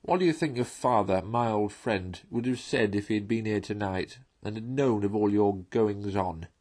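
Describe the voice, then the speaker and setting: A man voicing a stern, wise old male badger in a storybook reading, slow and commanding. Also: fairly low pitch, a little mellow, natural voice. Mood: severe.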